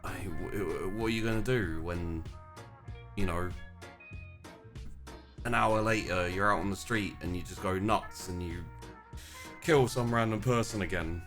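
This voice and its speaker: A man's voice: low voice, measured pace, pauses often, fairly bright tone, soft background music. A man voicing a sly, hungry inner beast that coaxes and needles, tempting a vampire to feed. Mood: needling. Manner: coaxing, needling, offhand.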